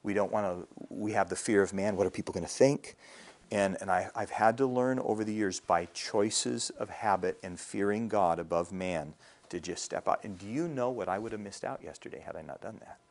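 A middle-aged pastor preaches in a brisk, lowish voice, keeping the sermon conversational. He frequently checks in with the congregation by asking "all right?"

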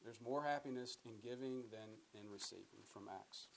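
A man's voice: medium pitch, moderate pace, creaky, slight background noise, rough recording. A man teaching a Bible study in a conversational way, often repeating words and putting questions to his listeners. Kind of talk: sermon-style Bible teaching.

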